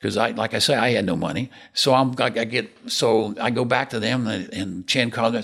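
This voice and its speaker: A man's voice: mid-range voice, moderate pace, gravelly, hardly any pauses, fairly bright tone, slightly rough. An older man, a developer and podcast guest, telling rambling stories of his career and acting out old conversations. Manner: rambling anecdotes, acts out dialogue. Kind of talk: casual storytelling interview.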